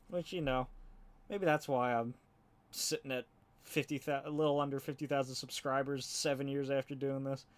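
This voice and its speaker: A man with a middle-pitched voice chats casually while inking comic pages on a live stream. He rambles, laughs easily and swears offhandedly, as if talking to friends. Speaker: comic artist and YouTuber.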